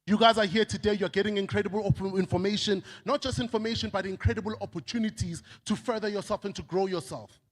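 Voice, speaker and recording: Brief: South African motivational speaker, high-pitched, animated, leads crowd chants on stage. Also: male voice, fast talker, few pauses. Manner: animated, leads crowd call-and-response shouts. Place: event stage before a crowd.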